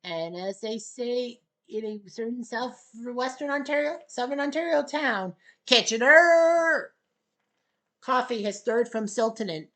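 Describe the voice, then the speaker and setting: A woman giving play-by-play commentary on a table hockey game, with excited goal calls and sarcastic asides to the viewers. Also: on the high side, normal speed, few pauses.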